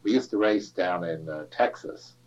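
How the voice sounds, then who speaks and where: A man's voice: low voice, moderate pace, darkish tone. An older man casually reminiscing about sailing days, rambling and chuckling as he tells stories. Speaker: interviewee. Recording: dull lo-fi recording.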